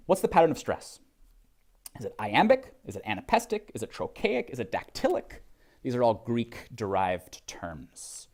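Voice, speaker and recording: Male literature lecturer, classroom lecture, pitch swooping up and down, hesitant, lots of ums, questions to the students. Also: very animated, a little mellow. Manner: reads verse slowly with heavy stress.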